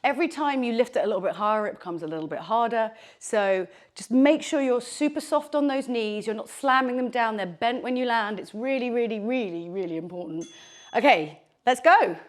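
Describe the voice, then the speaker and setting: A fitness instructor leads a bodyweight workout in a slightly high, fairly quick voice, out of breath as she exercises along. She's chatty and encouraging, sprinkling in fillers like "like" and "okay."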